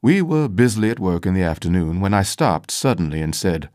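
A man giving scripted first-person audiobook narration in a measured, formal storytelling manner. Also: deep voice, big pitch swings, a little mellow, no echo, clean studio sound.

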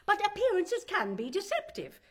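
A woman's voice: very high-pitched, huge pitch swings, moderate pace, fairly bright tone, heavily acted. An actress playing a haughty, pompous older mother who speaks of herself as "one", in rhymed stage verse. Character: haughty pompous old mother, stubbornly devout. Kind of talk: stage play in rhyming verse.

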